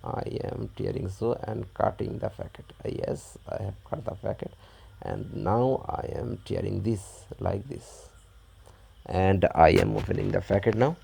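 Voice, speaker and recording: Slow, gravelly man. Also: fairly low pitch, steady tone, mellow, slight background noise. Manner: halting, plain, describes each step as he does it. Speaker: unboxing vlogger. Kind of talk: step-by-step unboxing narration.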